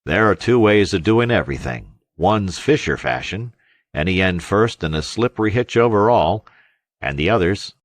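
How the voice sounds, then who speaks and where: Scarred old navy sailor, voiced by a man, gruff, wry, lecturing, storybook. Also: sits low, animated, normal speed, no echo.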